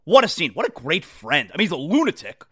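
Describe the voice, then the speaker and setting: A man hosting a sports talk show, rambling in an animated, casual monologue and often repeating himself. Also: on the high side, quick pace, breathy edge.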